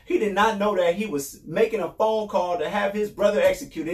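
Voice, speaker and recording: A man's voice: high voice, brisk, hardly any pauses. A man from New York State hosting a podcast, giving an impassioned, repetitive monologue and often raising his voice. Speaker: podcast host. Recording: roomy echo.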